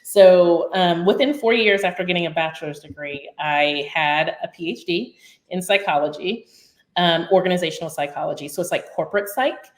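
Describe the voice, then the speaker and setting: A woman's voice: lowish voice, normal speed. A middle-aged woman telling her story in a casual podcast chat, with lots of ums. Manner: chatty, many ums, storytelling. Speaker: guest basketball commentator. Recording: roomy echo.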